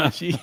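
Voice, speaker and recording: A man's voice: fairly bright tone, dry recording, studio quality. A man hosting a casual talk show over a video call, easygoing and trailing off with fillers and chuckles. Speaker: show host.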